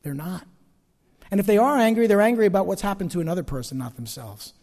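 High-voiced preaching man in a hall. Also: quick pace. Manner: animated preaching, swinging from loud emphasis to quiet asides. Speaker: pastor. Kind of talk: sermon.

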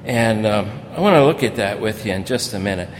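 An older man preaching as a pastor, telling personal stories in a folksy, storytelling way that grows animated in places. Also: fairly quick. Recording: reverberant hall with faint rumble.

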